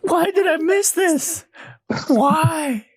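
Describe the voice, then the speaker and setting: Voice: very high voice, extremely slow, no echo. A podcast co-host in casual chat who laughs often and reads the questions aloud.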